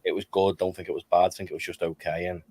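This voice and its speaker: A man on a casual panel chat, measured, repeating his points. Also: low-pitched, level tone, darkish tone, slightly rough, no room sound.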